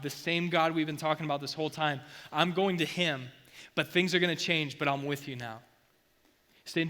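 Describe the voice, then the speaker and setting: Bright-voiced casual young preacher man. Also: fairly high pitch, big-room sound. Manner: casual, slangy preaching with reading aloud. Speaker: youth pastor. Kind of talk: sermon.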